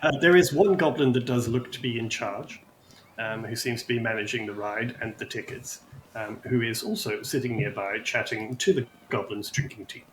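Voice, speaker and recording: A man's voice: mid-range voice, moderate pace, fairly bright tone, a little hiss or hum. A man narrating a tabletop game as game master, descriptive, with frequent ums. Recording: echoey room.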